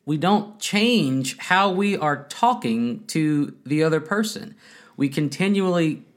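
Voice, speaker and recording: Animated man giving marriage advice. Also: on the high side, slow. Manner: animated, laughs often, acts out quotes. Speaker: podcast co-host. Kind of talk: casual faith-based marriage advice. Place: home room, kids nearby.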